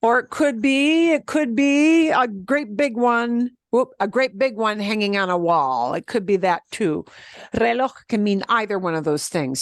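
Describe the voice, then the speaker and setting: Woman teacher, beginner language lesson, lively sing-song intonation, dry close sound, explanatory and chuckling. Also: a little high, unhurried, dry recording. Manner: animated, explanatory, laughs often. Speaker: Spanish teacher.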